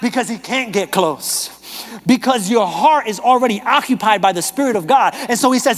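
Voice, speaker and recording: A man preaching a sermon as a pastor, telling funny stories with lively energy that swings from loud exclamations to soft whispers. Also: high-pitched, moderate pace. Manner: animated, humorous storytelling, shifts from shouting to whispering. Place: church auditorium. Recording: reverberant church hall.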